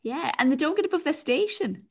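A woman's voice: high voice, expressive, a little fast. A woman, chatting casually as a co-host and teasing her friends. She acts out quotes while telling stories about her son. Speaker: podcast co-host, mother. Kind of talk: casual chat.

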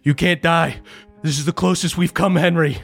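A man's voice: a little high, fairly even intonation, moderate pace, vocal fry, faint music behind, pitched above the performer's own voice. A man voicing an older male figure who speaks urgently in a slightly strained voice. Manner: pleading, urgent.

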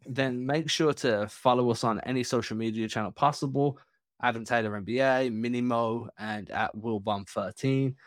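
A man's voice: mid-range voice, steady tone, moderate pace, dry recording. A man, co-hosting a sports podcast in loose, chatty talk full of fillers. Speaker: podcast co-host. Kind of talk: casual chat.

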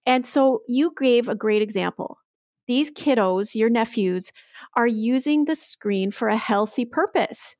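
A woman's voice: a little high, a little slow, a little mellow, no echo, studio quality. A woman, explaining earnestly in a podcast interview, often tagging lines with "right?". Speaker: guest expert.

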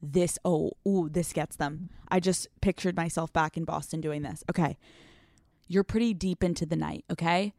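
A young woman hosting an advice podcast, talking casually in a blunt, sassy and profane way, with quick laughs, close to the mic. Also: sits low, steady tone, darkish tone, dry recording. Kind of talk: casual advice talk answering listener letters.

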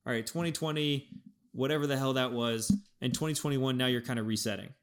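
A man co-hosting a sports podcast, thinking aloud in an animated way with frequent restarts as he breaks down his team's football season. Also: mid-range voice, fast. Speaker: podcast co-host. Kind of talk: casual sports podcast analysis.

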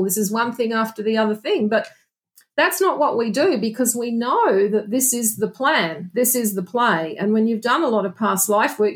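A woman with a mid-range voice talks through spiritual ideas in a casual interview. She is earnest and reflective, circling back and restarting her sentences as she thinks. Her pitch sits in the middle for a woman. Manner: earnest, reflective, with frequent restarts and "you know". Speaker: guest, past life regression therapist.

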